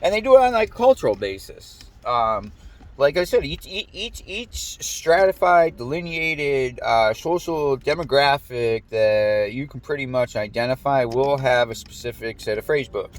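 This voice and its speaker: A man's voice: medium pitch, measured pace. A man telling a long, rambling story in casual talk, swearing often and acting out other people's lines in a raised voice. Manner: profane, animated, quotes people in raised voice. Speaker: podcast host.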